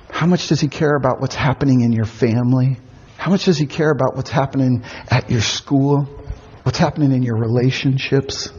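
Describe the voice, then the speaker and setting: A middle-aged man giving a youth camp sermon, telling stories with animated kid voices. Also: mid-range voice, slightly rough. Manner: animated storytelling, acts out kids' voices. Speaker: camp speaker. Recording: muffled sound with long hall reverb.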